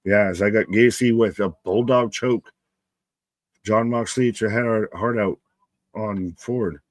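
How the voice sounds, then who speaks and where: A man's voice: on the low side, fairly even intonation, slow, no echo. A man hosting a casual live stream, calling the match play by play and reading chat comments aloud, loose and profane and often laughing.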